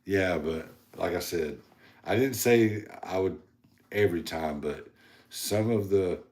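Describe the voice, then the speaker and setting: A man's voice: sits low, a little slow, a little mellow, reverberant. A man with a Southern accent from North Carolina, co-hosting a podcast in casual chat, rambling with many fillers. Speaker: podcast co-host.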